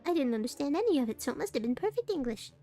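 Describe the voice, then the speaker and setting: Brief: small meek mouse sidekick, high squeaky voice that bounces around, mellow tone, played by a woman. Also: very animated, very fast, faint music behind. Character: timid little male mouse assistant. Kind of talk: game voice acting.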